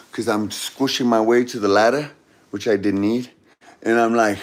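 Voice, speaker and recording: A man's voice: lowish voice, steady tone, moderate pace. A man telling a comedic story in a rambling way, mixing up names and correcting himself as he goes.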